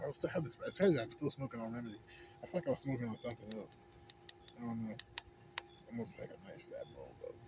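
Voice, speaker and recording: Indoors at home with a pipe, this young American man vlogs a profane, rambling rant full of slang, curses and repeated "you know what I'm saying," swinging between mumbling and loud, heated bursts. His pitch is fairly high, and the home recording has poor audio with clear background noise.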